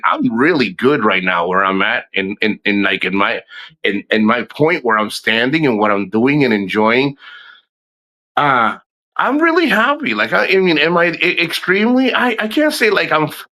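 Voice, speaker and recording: A man's voice: medium pitch, pushed and bright, rough recording. A man in his fifties talking in a casual, rambling way, swearing freely and often restarting his sentences. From United States. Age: 50s. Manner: rambling, profane, frequent restarts. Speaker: vlogger. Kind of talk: casual chat.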